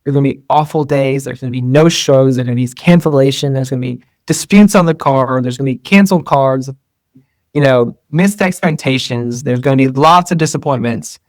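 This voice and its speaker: A man's voice: mid-range voice, fairly quick, dry recording. A man being interviewed as a guest, talking casually and rambling, with lots of fillers and restarts. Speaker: guest entrepreneur.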